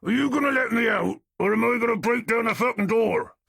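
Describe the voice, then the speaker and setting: A man's voice: high voice, lively intonation, moderate pace, vocal fry, a bit bright, slightly rough, dry recording, clean studio sound, voice pushed up, exaggerated voice. A man voicing a small, balding, short-tempered crook who snaps threats and uses coarse slang. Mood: irritable, shouting.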